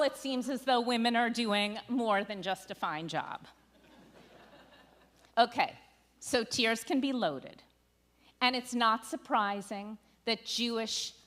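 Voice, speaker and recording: A woman's voice: on the high side, pushed and bright. A woman rabbi teaching a sermon text study, speaking conversationally with wry asides to the congregation and dramatizing quoted lines. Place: synagogue sanctuary.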